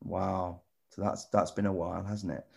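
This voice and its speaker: A man presenter chatting with children in a casual video call, rambling and restarting often, gentle and encouraging. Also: deep voice, level tone, normal speed, vocal fry, husky. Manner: rambling, stop-start, many repeated "you know". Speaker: TV presenter answering children's questions.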